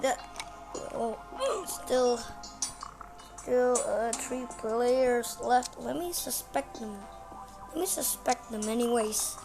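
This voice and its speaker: A woman giving rambling, excitable let's play commentary, shrieking when startled. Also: a little high, slow, vocal fry. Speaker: gamer. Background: game music.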